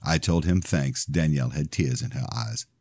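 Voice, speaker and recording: Man, very deep voice, reading his own novel, steady narration, dry close sound. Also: moderate pace, no room sound. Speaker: podcast host and author.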